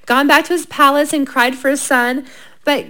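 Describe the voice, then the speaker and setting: A woman co-hosting a casual chat, retelling Bible stories in a lively way, laughing often and reading scripture aloud. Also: sits high, moderate pace.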